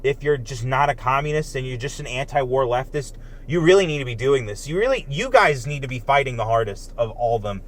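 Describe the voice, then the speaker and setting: A man's voice: mid-range voice, lively intonation, fairly quick. A man delivering a heated, profane political rant as a commentator, emphatic and agitated throughout.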